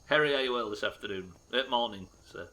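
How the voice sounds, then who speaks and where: A man's voice: mid-range voice, fast, pushed and bright. A man streaming a game live, chatting casually and joking with his chat, with frequent swearing. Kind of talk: casual commentary while playing.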